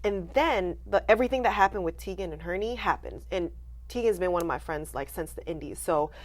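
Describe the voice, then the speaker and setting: A woman's voice: fairly low pitch, brisk. A woman in her late twenties, a wrestler and interview guest, telling her story candidly and acting out what people said to her. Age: late 20s. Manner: animated, acts out quoted voices, laughs often.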